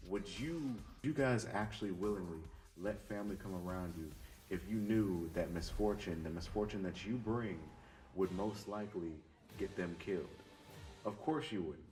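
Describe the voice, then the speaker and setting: A man talks with a deep, low voice, earnest and opinionated, sometimes apologizing and restarting his sentences. The mic sits a little away from him. Soft music plays faintly underneath. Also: recorded from a distance. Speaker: YouTuber discussing a show. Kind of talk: casual commentary vlog.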